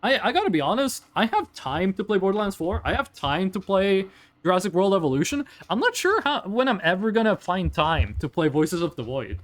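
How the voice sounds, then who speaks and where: A man from Norway, chatting to viewers during a live game stream in an animated, joking, rambling way. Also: high voice, fairly quick.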